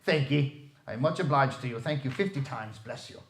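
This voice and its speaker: A man's voice: mid-range voice, a little fast, natural voice. A man playing an old miser, now reformed and overjoyed, with eager, effusive speech. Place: library room. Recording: echoey room.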